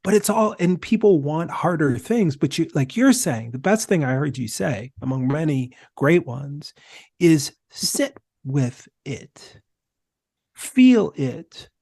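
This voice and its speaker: A man speaking as a podcast guest, telling stories in an emphatic, animated way. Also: a little high, unhurried, husky, no room sound, clean studio sound. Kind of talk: conversational discussion.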